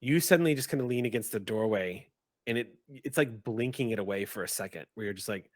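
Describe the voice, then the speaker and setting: A man running a tabletop game as game master, narrating in a halting way as he searches for words. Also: on the low side, no room sound.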